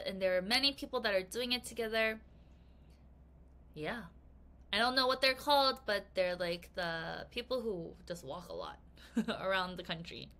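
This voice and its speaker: A woman teaching English vocabulary in a recorded lesson, playful and expressive, acting out example sentences and reading them slowly and carefully. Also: a little high.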